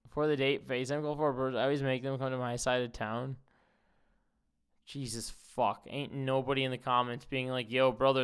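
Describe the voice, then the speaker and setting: A man's voice: medium pitch, a bit bright, clean tone. A young man streaming live, reacting to videos with profane, disgusted outbursts and casual chatter.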